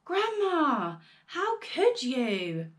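A woman's voice: high-pitched, huge pitch swings, very slow, pitched above the performer's own voice, exaggerated voice. A woman voicing a timid eight-year-old boy who pleads earnestly in a storybook reading. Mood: dismayed.

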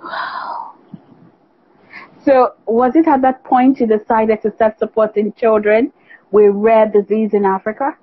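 A woman's voice: fairly high pitch, fairly even intonation, moderate pace, no echo, highs cut off. A woman radio host asking interview questions, stammering and repeating words as she goes.

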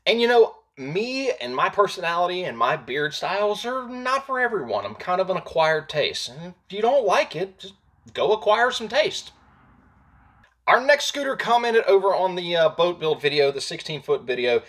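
Man host, slightly high voice, very lively delivery, teasing and jokey, casual video talk. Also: normal speed. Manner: joking, teasing, animated. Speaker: host and jon boat builder. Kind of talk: casual how-to video talk with a comment roast segment.

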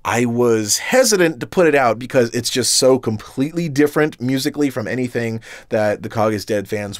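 Man, musician host, casual and self-mocking, filler-heavy; medium pitch, dry close mic. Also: dry recording. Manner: easygoing, self-deprecating, with frequent "uh" fillers. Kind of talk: comedy sketch and casual outro to viewers.

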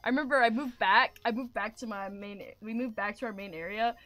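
A young woman streaming a game, talking casually in an excitable, rambling way and swearing often. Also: a little high, a little fast, soft background music. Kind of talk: casual gaming commentary.

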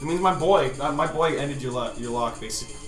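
A man giving casual, excitable, swear-filled commentary while playing a game with friends. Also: mid-range voice, quick pace. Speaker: gaming channel host. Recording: echoey room, faint game music.

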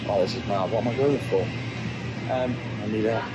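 A young man chats to a handheld camera while out and about, his voice sitting on the low side. He gets excitable fast and swears casually. Steady ambient noise runs under everything he says. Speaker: travel vlogger. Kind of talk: casual vlog chat. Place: out and about on a city trip. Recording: noisy ambient background.

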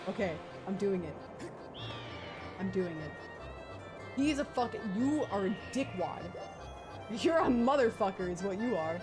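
A woman's voice: medium pitch, animated, unhurried, long pauses. A young woman streaming a video game live, panicking, swearing and laughing as she plays. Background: game music.

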